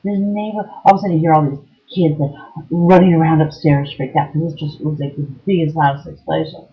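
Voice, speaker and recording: A woman's voice: low voice, steady tone, fast. A middle-aged woman telling a personal story about an abusive ex-partner, talking earnestly with frequent ums and restarts. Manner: earnest and emotionally raw. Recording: dull lo-fi home recording.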